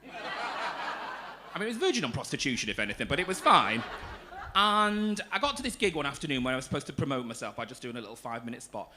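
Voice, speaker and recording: Camp, lively stand-up comedian. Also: male voice, mid-range voice, quick pace, a little hiss or hum. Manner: camp, cheeky, teasing the audience. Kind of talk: stand-up comedy with crowd work. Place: comedy club stage before a live audience.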